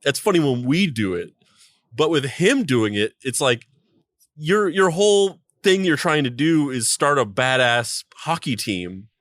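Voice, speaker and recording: A man co-hosting a podcast, talking in an excitable, rambling way with frequent restarts and laughter. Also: medium pitch, unhurried, no echo, clean studio sound. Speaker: podcast co-host. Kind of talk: casual chat.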